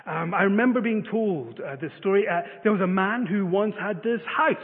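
A man's voice: high voice, normal speed. A man preaching a sermon, telling a story with many filler uhs. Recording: phone-like reverberant sound.

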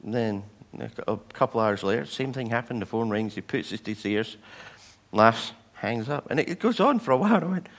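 A man's voice: mid-range voice, brisk. A man preaching a sermon, telling personal stories and acting out the people in them. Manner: storytelling, animated voices for quoted people. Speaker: pastor.

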